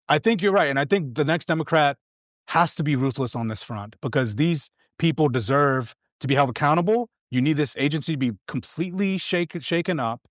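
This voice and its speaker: A man with a fairly high voice is talking as a guest in a casual political chat. He is heated and slangy, and he keeps restarting his sentences. The sound is dry and close, with no room at all. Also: no room sound.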